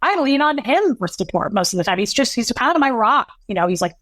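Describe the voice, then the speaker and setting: A woman in her thirties, a podcast guest, telling an emotional personal story in an earnest, halting way, with many restarts and quoted dialogue. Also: on the high side, very animated, fairly bright tone, no room sound.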